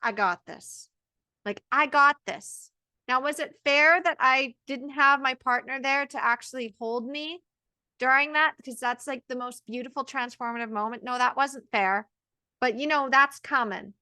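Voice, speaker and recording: A woman's voice: high voice, steady tone, normal speed, sharp tone, clear, resonant tone, no room sound. A woman in her thirties, a birth coach, telling her story in an earnest, emphatic monologue full of quoted self-talk. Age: 30s. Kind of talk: personal motivational monologue.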